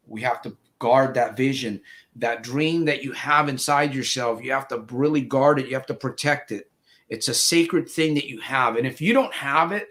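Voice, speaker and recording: A man's voice: medium pitch, a bit bright. A man hosting a live interview show, speaking in a motivational way with lots of fillers. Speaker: host.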